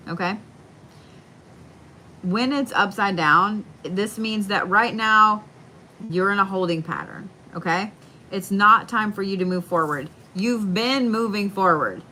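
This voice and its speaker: A woman giving a live tarot card reading from home, speaking slowly and soothingly and repeating her reassurances. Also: mid-range voice, pushed and bright, a little hiss or hum. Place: home, indoors.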